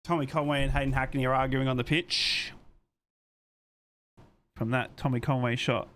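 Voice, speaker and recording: A young man streaming a live football watchalong, calling the match play by play and reading out chat messages, excitable and swearing freely. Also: medium pitch, normal speed, slight background noise.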